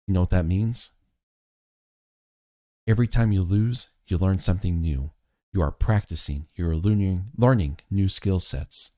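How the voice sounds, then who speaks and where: Slow, deep-voiced earnest man. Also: mellow, no room sound, studio quality. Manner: earnest, measured, storytelling. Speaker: motivational vlogger. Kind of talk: reflective talk to camera.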